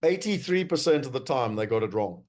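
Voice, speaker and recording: A man's voice: medium pitch, animated, fairly quick, darkish tone. A man with a South African accent giving a presentation to investors, emphatic and wry, with many fillers. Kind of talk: presentation talk.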